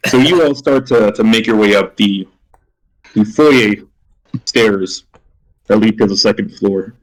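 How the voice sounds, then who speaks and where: A man narrating a tabletop role-playing game as game master, halting with frequent restarts. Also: fairly low pitch, rough recording. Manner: halting, many restarts and fillers.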